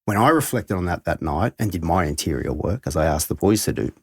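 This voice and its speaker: A middle-aged man with a very low, husky voice tells a reflective story as a podcast guest. He talks in an earnest, heartfelt way. The sound is close and dry, with no room echo. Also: sing-song, fairly quick. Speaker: head of school, guest.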